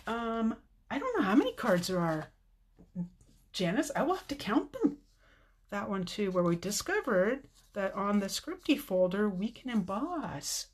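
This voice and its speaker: An older woman hosting a casual live craft stream, chatting warmly with viewers, teary with a slightly stuffy nose. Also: medium pitch, very animated, unhurried, slightly rough. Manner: chatty and tearful, reading viewer comments. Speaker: card-making video host.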